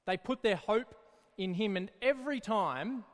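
A man leading children's church gives a Bible talk in a lively, encouraging storytelling style. His voice is high and slow, with a long echo from the hall.

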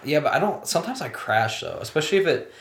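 A man's voice: a little high, very animated, fast talker, gravelly, fairly bright tone, slight background noise. A man hosting a casual chat with friends, easygoing, joking and teasing. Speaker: host. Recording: echoey room.

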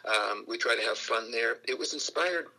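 Forceful, husky older Canadian man. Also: medium pitch, moderate pace, rough recording. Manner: lively storyteller who acts out voices. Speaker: guest, fan group founder. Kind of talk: radio interview.

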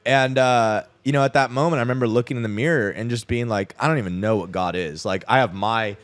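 A man's voice: medium pitch, quick pace, dry recording. A young man in his twenties, a podcast guest, telling a personal story in a loose, rambling way, full of "like" and casual swearing.

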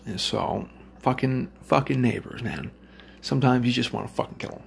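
Heavily gravelly man ranting with nonstop swearing. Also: medium pitch, animated, moderate pace, a little hiss or hum. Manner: rambling, swears constantly, loose and blunt. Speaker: parent telling a story to listeners. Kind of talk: profane storytelling rant.

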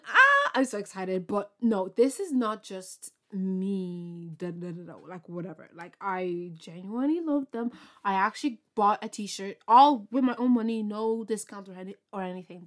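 A young woman talking through her solo podcast episode in a chatty, excitable way. She rambles and bursts with enthusiasm, sprinkling in ums and likes. Her pitch sits in a middle range. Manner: bubbly, excitable, rambling with many fillers and laughs. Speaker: podcast host. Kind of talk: casual solo podcast chat.

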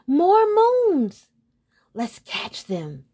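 A pair of greedy, dim-witted storybook hills, put on by a woman reader, eager and childish. The voice is pushed up high above her usual tone and rings with excitement. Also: slow pace, husky, exaggerated voice. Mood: coaxing, excited. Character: greedy, simple-minded hills.

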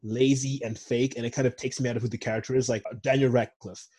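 A man's voice: mid-range voice, level tone, fast talker, dark tone, slightly rough. A young man from Zimbabwe with an American accent, co-hosting a podcast in casual, rambling chat and often correcting himself. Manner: rambling, digressive, self-correcting. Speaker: podcast co-host.

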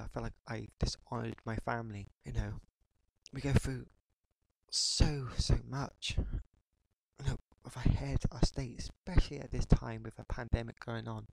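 A man in his thirties hosting a podcast, ranting in a frustrated, halting way and often pausing on "you know". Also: mid-range voice, creaky, dry recording, poor audio. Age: 30s. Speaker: podcast host. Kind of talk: podcast rant monologue.

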